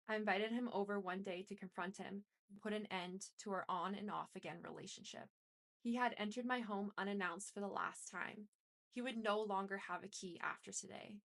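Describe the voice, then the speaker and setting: A woman's voice: medium pitch, fairly bright tone. A woman reading aloud a dramatic first-person story, in an intense and emotional way. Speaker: reader.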